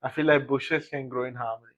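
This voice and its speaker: A man's voice: medium pitch, fairly even intonation, quick pace, fairly bright tone, muffled recording. A man co-hosting a podcast, chatting casually and arguing silly points in a playful, joking way. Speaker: podcast co-host. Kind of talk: casual chat.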